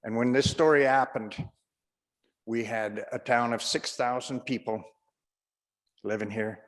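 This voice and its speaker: A man's voice: mid-range voice, long reverb tail. A man doing stand-up comedy, telling a long, rambling anecdote.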